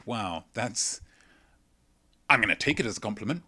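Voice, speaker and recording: A man's voice: medium pitch, lively intonation, normal speed, long pauses, a bit bright, dry recording. A man hosting a live-streamed quiz, reading out viewers' answers with chatty, self-mocking jokes. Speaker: quiz show host.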